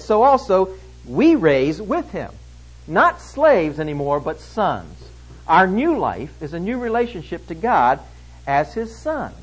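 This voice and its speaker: Husky-voiced man preaching with animated pitch. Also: rough recording. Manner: emphatic, with sudden swings between loud and hushed. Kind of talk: expository sermon.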